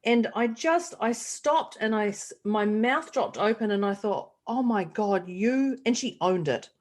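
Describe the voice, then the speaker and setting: A woman co-hosting a casual podcast chat, animated and acting out the voices in her stories. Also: a little high, unhurried. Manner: animated storyteller, acts out quoted voices. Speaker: podcast co-host.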